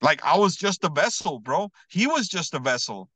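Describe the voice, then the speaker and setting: A man tells a heartfelt story in loose, slangy podcast chat, dropping "bro" and "you know what I mean" constantly. His voice sits fairly high and bright with a forward edge. The sound is dry and close, with no room around it. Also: moderate pace, dry recording, poor audio. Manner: earnest, builds to excited emphasis. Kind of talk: casual storytelling.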